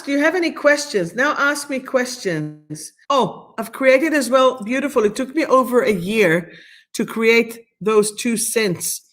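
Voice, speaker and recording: Her voice a little high, a middle-aged woman from Israel is guest-hosting a live stream. There she leads a meditation and reads oracle cards in a soothing, affirming way with slightly phrasing.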